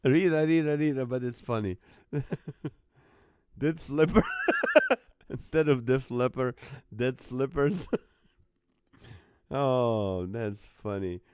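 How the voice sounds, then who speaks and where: A man's voice: medium pitch, animated, slow pace, long pauses, clear, resonant tone, no echo, clean studio sound. A man hosting a live call-in comedy stream from home on his phone. He keeps laughing as he reads out viewers' joke band names. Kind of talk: casual live-stream chat reading viewer comments.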